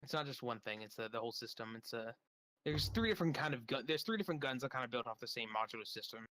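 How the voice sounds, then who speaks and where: A man's voice: mid-range voice, animated, fast, a bit bright, poor audio. A man running a tabletop role-playing game, explaining rules casually and with enthusiasm. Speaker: game master.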